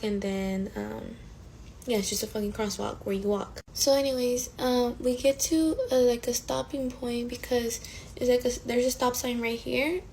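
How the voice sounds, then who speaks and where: A woman in her twenties telling a storytime in a casual, animated way, swearing often and full of fillers. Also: fairly high pitch, vocal fry, a little hiss or hum, poor audio. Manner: profane, animated, frequent fillers.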